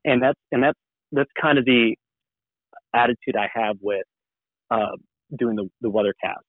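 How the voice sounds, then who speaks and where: A man working as a TV meteorologist, talking casually as a guest and telling animated stories, acting out what people said. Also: medium pitch, normal speed, dry recording. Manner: animated storyteller, acts out quoted dialogue. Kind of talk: casual podcast conversation. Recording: dry phone-like sound.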